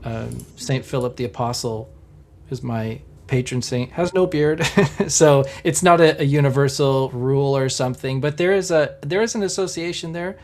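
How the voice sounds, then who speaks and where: A man's voice: medium pitch, normal speed, a little mellow, a little hiss or hum. Earnest man talking faith on a stream. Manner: earnest, encouraging, with frequent fillers. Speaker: Orthodox Christian panelist. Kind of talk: casual livestream discussion.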